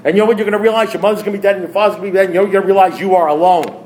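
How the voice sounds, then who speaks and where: A man's voice: sits high, steady tone, rapid-fire, darkish tone, slight background noise. A man speaking at a recovery meeting, blunt and preachy, firing off rhetorical questions. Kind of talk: AA meeting talk.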